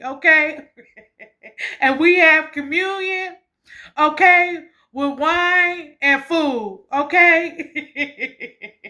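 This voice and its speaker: High-voiced emotional woman spiritual vlogger. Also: sharp tone. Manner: emotional, repeats "okay" often; laughs and gushes with gratitude. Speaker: spiritual channel host. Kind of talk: spiritual vlog chat.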